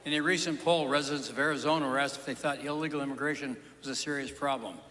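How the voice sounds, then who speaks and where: A man telling stand-up jokes live, with punchy storytelling and quick asides. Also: on the high side, steady tone, bright, forceful tone, long reverb tail, slight background noise. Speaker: stand-up comedian.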